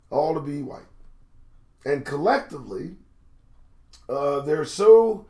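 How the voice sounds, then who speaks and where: A man's voice: on the high side, a bit bright. A middle-aged man hosting a live-stream commentary show, rambling and profane, greeting chat viewers by name. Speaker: host.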